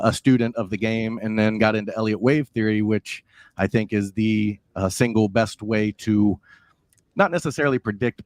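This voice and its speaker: A man appearing as a guest trader on an interview show, explaining his approach in a steady, earnest way. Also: on the low side, no room sound. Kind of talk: interview answers.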